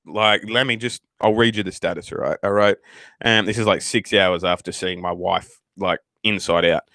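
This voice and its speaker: A man with an Australian accent, a channel host telling a story casually to his viewers, rambling and animated, with frequent swearing. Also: low voice, moderate pace, no echo. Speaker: channel host, new father.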